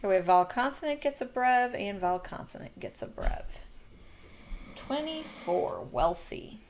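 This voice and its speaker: A woman's voice: medium pitch, very animated, moderate pace, a little hiss or hum. A woman teacher talking students through a phonics coding lesson, patient and encouraging.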